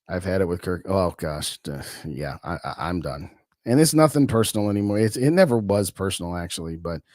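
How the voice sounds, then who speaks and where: A man's voice: deep voice, dry recording, studio quality. A man hosting a sports podcast, chatting casually and answering viewer comments in an opinionated, colloquial way. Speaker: podcast host. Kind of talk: casual live-stream sports talk.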